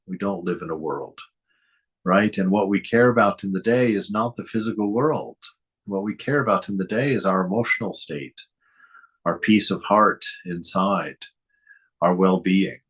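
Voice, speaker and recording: Low, husky-voiced man giving gentle spiritual talk. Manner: gentle, asks many rhetorical questions, chuckles often. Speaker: spiritual teacher giving commentary.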